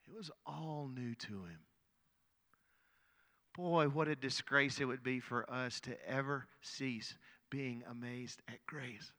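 A man's voice: mid-range voice, slow pace, pushed and bright, in a large hall. A middle-aged male pastor telling a story in a sermon, earnest, often repeating words as he goes.

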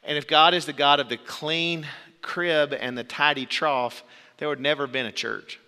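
Earnest male preacher, bright and echoing. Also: on the high side, steady tone, moderate pace, clean tone. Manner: earnest, storytelling, shouts out quoted voices. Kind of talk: sermon.

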